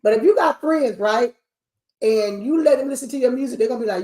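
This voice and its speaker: A woman, an award show CEO talking shop in a lively, preachy way. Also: a little high, brisk. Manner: animated, preachy, sings snippets. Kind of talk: casual panel chat. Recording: echoey room.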